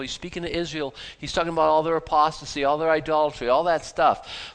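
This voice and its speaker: A man preaching a sermon, reading scripture aloud and explaining it in a lively, conversational, folksy way. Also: a little high, fast talker, hardly any pauses. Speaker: pastor.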